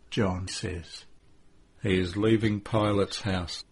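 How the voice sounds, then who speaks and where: Man, narrator, devotional story, solemn measured reading, slow delivery, husky voice. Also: lowish voice, steady tone.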